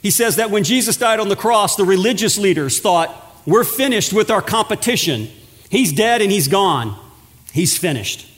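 A man preaching a sermon as pastor, slowing down and pausing for dramatic emphasis. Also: high-pitched, expressive, fairly bright tone. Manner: preaching with dramatic pauses and drawn-out words. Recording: long hall reverb.

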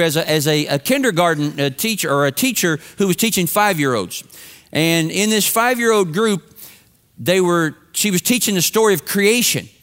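A pastor preaches to his congregation in a church sanctuary, telling stories in a conversational, humorous way. His voice is high-pitched and a bit bright.

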